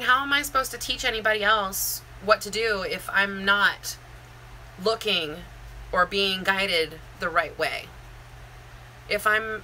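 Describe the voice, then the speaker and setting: Bright-voiced woman in casual chat. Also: medium pitch, slight background noise, low-quality recording. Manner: rambling, heartfelt, many fillers and restarts. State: near tears. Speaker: vlogger and Zumba instructor. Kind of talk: casual live-stream chat.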